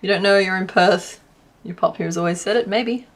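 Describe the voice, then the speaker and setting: A woman's voice: mid-range voice, fairly quick. An Australian woman from Western Australia chatting casually to her live-stream chat while crocheting, laughing often.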